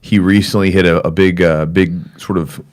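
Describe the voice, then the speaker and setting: Guy hosting a podcast, real low voice, rambles w lots of ums. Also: steady tone, moderate pace. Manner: rambling, many fillers. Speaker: podcast host. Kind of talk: casual podcast chat. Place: small upstairs room.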